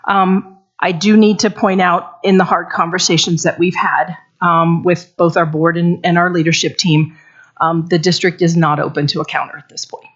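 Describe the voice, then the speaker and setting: A woman's voice: fairly low pitch, little pitch movement, moderate pace, highs cut off. A woman speaking for the district at a public bargaining session, a little out of breath, plain-spoken and apologetic. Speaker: district negotiator.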